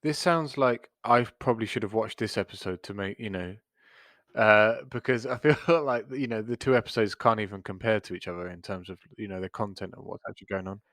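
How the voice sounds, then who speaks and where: A man co-hosting a podcast, talking in halting casual chat full of fillers. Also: on the low side, fairly even intonation, fairly bright tone, no echo, clean studio sound.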